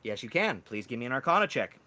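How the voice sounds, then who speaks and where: A man with a bright, forward voice runs a tabletop game as dungeon master. He narrates rolls and scenes, laughs easily, and slips into voices for the figures. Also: mid-range voice, sing-song, fast. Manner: laughs often, shifts into character voices.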